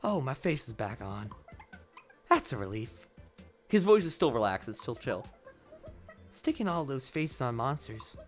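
A man doing let's play commentary in a mocking, sarcastic way, breaking into laughter often. His voice sits mid-pitch but swings widely up and down. Faint game music runs behind him. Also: sing-song, measured pace, long pauses. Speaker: gaming streamer.

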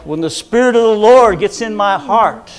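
Impassioned preacher, higher voice. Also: male voice, expressive, moderate pace, faint music behind. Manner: impassioned, swings from hushed storytelling to shouting. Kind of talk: Pentecostal sermon. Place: church.

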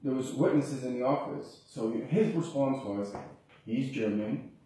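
A man's voice: medium pitch, lively intonation, moderate pace, dark tone. A man from Canada, a patient talking to his doctor, agitated and rambling, often breaking off and restarting. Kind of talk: distressed complaint to a doctor. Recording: echoey room, far from the mic.

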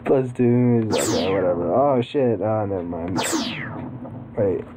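A woman's voice: rumbling low, a little slow. A woman giving casual let's-play commentary, swearing, laughing and rambling playfully. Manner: profane, giggly, rambling and playful. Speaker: gaming commentator. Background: game music.

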